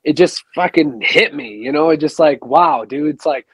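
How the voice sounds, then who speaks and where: Male host, easygoing and thoughtful with loose profanity; somewhat high voice, close and dry. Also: moderate pace, slightly rough, dry recording. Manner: relaxed, reflective, profane. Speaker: podcast host. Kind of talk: casual conversation.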